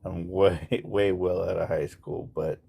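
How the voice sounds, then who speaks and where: Casting: man caller, very deep, dark mellow tone, easygoing storyteller. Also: steady tone, measured pace, gravelly, slightly rough. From Texas. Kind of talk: casual storytelling.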